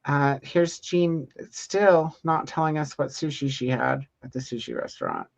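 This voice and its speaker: A livestream host reading out viewer comments in a relaxed, casual way. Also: medium pitch, a little slow, creaky, lo-fi sound. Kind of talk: casual chat.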